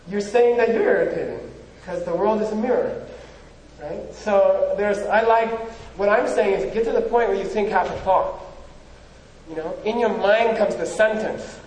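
A man's voice: high voice, normal speed, darkish tone, slight background noise. A man giving an informal spiritual talk, chatty and full of rhetorical questions and "you know". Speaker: spiritual teacher. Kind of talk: informal lecture. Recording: echoey hall from far off.

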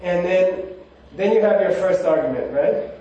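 This high-voiced monk speaks at a moderate pace in a mellow tone, though the recording sounds muffled. His spiritual talk is relaxed and anecdotal, wandering along with frequent "you know"s, captured from a distance in a heavily echoing space.

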